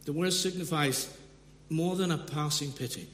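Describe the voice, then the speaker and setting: A man's voice: fairly high pitch, normal speed. A man preaching a sermon in an earnest way, often restarting his sentences and rising sharply for emphasis. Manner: earnest, with frequent restarts and sudden emphatic rises. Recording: echoey hall with long reverb, faint hum.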